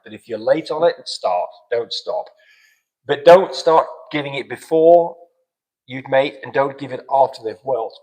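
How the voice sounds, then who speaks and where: A man's voice: medium pitch, husky, low-quality recording. A man hosting a live dog breeding stream, chatting casually and answering viewer questions with practical advice. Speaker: dog breeding show host.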